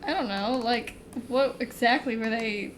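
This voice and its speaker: A woman's voice: a little high, unhurried, slight background noise. A young woman streamer in casual chat, giving short, dry, laconic replies.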